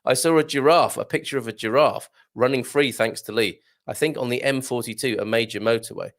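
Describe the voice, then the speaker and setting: A man's voice: medium pitch, fairly quick. A man hosting a live stream, reading viewer comments and musing aloud in a wry, rambling way. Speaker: online community host.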